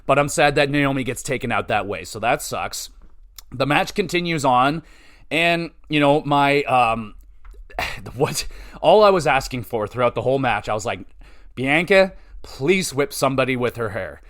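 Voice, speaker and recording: A man hosting a podcast, giving a casual solo wrestling review, profane, rambling and excitable. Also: medium pitch, moderate pace. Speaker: podcast host.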